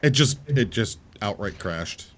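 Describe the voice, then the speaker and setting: A man's voice: on the low side, animated, unhurried, a little hiss or hum. A man running a tabletop game as game master, narrating and chatting casually.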